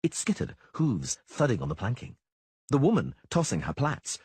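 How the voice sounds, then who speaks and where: A man narrating an audiobook in a husky voice, shifting into character voices. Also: medium pitch, huge pitch swings, measured pace, darkish tone, dry recording.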